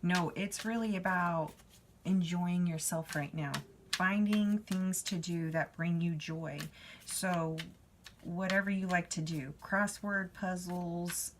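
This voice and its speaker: A woman's voice: fairly low pitch, steady tone, slow, a little hiss or hum. A woman giving a spiritual card reading, talking to the viewer in a chatty, reassuring way. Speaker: tarot reader.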